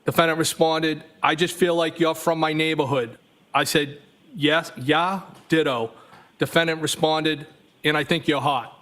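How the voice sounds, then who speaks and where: A man's voice: on the high side, fairly even intonation, a little slow, fairly bright tone. Man reading texts aloud on the witness stand. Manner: reads evenly, speaking punctuation marks aloud. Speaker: trial witness. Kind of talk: reading text messages aloud in court testimony.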